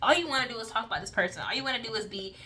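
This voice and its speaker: A woman's voice: on the high side, lively intonation, rapid-fire, pushed and bright. A woman in a casual spiritual reading, talking chattily and rambling, often tagging lines with "okay?" and "like". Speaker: intuitive reader. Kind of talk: casual channeled reading to camera.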